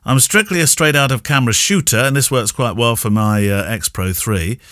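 Co-hosting a relaxed podcast, a Yorkshire-born Englishman speaks with a received pronunciation accent in a chatty, playful manner full of laughter. His medium-pitched, fairly bright voice runs a little fast, captured in a clean studio with no room sound.

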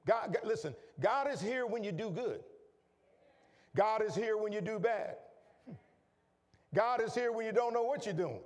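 High-voiced preacher in a reverberant hall. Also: male voice, normal speed, long pauses. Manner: repetitive, call-and-response, builds to shouting. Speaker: pastor. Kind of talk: sermon. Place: church sanctuary.

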